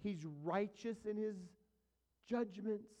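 A male pastor teaching a verse-by-verse sermon, casually asking his listeners questions and moving between quiet asides and louder emphatic passages. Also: high-pitched, steady tone, takes it slowly. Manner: conversational preaching, asks the audience questions, swings between soft and loud.

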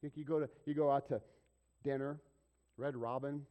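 A man's voice: mid-range voice, fairly even intonation, normal speed, smooth, muffled recording. A middle-aged man preaching a sermon in a conversational way, asking the congregation questions and acting out little asides. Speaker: pastor.

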